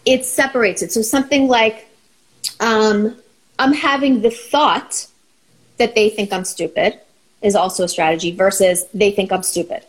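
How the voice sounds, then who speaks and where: A woman's voice: medium pitch, moderate pace, poor audio. A woman talking as a therapist in a casual podcast chat, acting out inner thoughts as she explains. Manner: explains with acted-out inner voices, lots of fillers.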